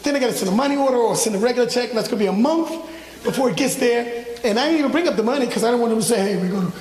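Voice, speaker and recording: A high-pitched male pastor preaching with animated storytelling, acting out his own conversations. His voice comes from some distance off the mic and rings through a large, echoing church hall with a long reverb tail. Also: racing. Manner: animated storytelling, acts out his own phone calls, laughs along. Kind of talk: sermon with personal story. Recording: echoey church hall from far off.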